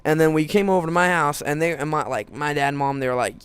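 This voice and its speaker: A man's voice: mid-range voice, a little fast, hardly any pauses, clean tone. A teenage boy telling a personal story in a casual, rambling way, full of restarts and fillers.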